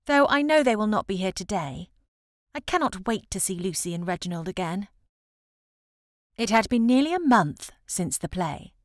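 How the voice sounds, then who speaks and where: Woman reading a novel, lively pitch. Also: no echo, studio quality. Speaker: audiobook narrator. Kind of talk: scripted first-person audiobook narration.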